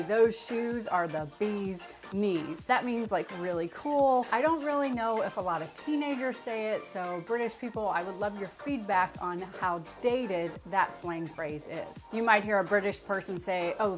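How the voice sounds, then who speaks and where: An American woman hosting a travel vlog, explaining things to camera in a chatty, playful way that pokes fun at herself. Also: medium pitch. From United States. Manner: chatty, playful, self-deprecating. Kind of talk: scripted explainer talk to camera.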